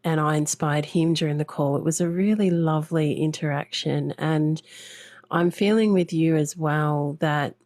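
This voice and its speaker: Woman host, low voice, slow, gentle and reflective, dry close sound. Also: fairly even intonation, dry recording. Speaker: podcast host. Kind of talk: interview conversation.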